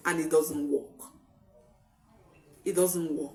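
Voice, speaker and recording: A woman's voice: mid-range voice, sing-song, a little slow, distant mic. A woman, a parenting coach giving an emphatic talk and repeating her key points.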